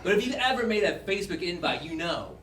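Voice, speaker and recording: A man's voice: high-pitched, very animated, fast. A man doing a rambling, wry stand-up set on a club stage. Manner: rambling, wry storytelling with laughs. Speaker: stand-up comedian. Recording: roomy, distant mic with loud background noise.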